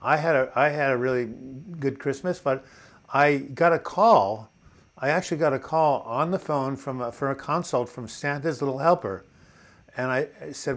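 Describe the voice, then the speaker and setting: A man's voice: mid-range voice, normal speed. An older man with a New York accent hosts a casual live chat, reading viewer comments aloud and telling corny jokes. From New York City.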